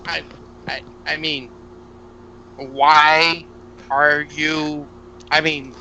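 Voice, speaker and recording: Slow, bright-voiced blunt male player. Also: fairly high pitch, flat delivery, highs cut off, slight background noise. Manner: blunt, swearing, drawn-out hesitations. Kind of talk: tabletop game play on a live stream.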